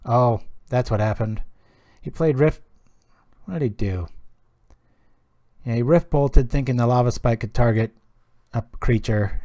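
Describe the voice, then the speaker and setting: A man casually commenting on his own card game as he plays, chatty and joking, thinking out loud. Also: mid-range voice, no room sound, clean studio sound. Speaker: streamer playing a card game.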